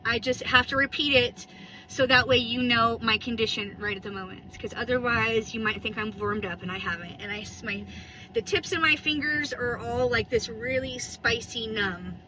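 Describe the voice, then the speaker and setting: A woman's voice: on the high side, moderate pace, low-quality recording. A woman in her thirties chatting casually and rambling while she vlogs from her car on a phone camera. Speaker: vlogger. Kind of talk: casual driving vlog chat. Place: in a parked car.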